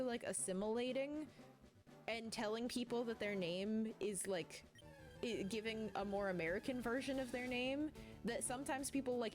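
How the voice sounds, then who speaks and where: A woman streaming a game at home, chatting casually and rambling, often laughing while she reads chat aloud. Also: a little high. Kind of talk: casual let's-play chat, reading chat aloud.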